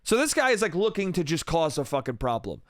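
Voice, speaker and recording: A man hosting a comedy podcast, telling a story in an animated, heavily profane rant. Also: on the high side, brisk, no room sound, studio quality. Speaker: podcast host.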